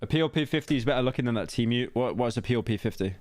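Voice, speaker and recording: A man streaming casual reaction commentary, rambling and joking with sudden high-pitched outbursts. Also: rapid-fire, a little mellow, faint music behind.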